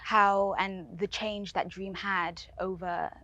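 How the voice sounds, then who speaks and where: A woman's voice: medium pitch, level tone, slow pace, pushed and bright, dull audio. A young actress talking casually and a little hesitantly about her first role at a panel. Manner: casual, hesitant, lots of fillers. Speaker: actor. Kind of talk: panel discussion.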